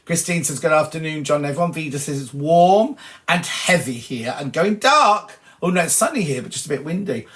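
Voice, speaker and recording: A man's voice: fairly high pitch, animated, a bit bright. Chatty British man reading comments. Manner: cheeky, chatty, reading comments aloud with quick asides. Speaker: host of a sewing show.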